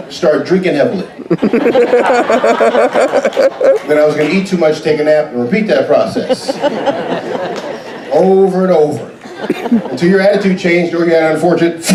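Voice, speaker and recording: A man doing stand-up comedy, animated and jumping into high shouted character voices. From Southern United States. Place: cruise ship theater. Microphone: audience camera far from the stage. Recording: distant echoey theater recording. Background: audience noise.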